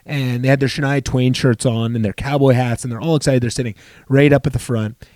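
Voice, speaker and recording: Male comedian, podcast host; warm, mellow tone, dry close sound, rambling and profane storyteller. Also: mid-range voice, fairly even intonation, a little fast, no echo. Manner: rambling, profane, self-interrupting. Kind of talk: casual solo storytelling.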